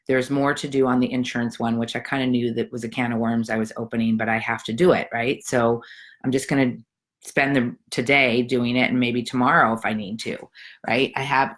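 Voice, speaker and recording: Very low-voiced chatty woman host. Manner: chatty, encouraging, rambling with fillers. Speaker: challenge host. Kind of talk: casual live video talk. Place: home.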